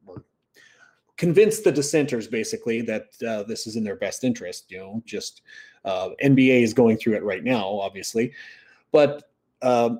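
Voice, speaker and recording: A man's voice: on the low side, lively intonation, moderate pace, a little mellow. Rambling male sports co-host. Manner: conversational, agreeable, rambling. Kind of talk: casual sports chat.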